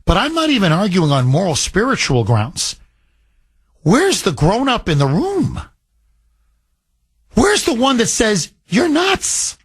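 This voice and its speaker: A male host of a radio call-in show argues his point passionately, acting out imagined conversations. His high voice swings hugely in pitch, unhurried with long pauses, slightly rough, and without room sound.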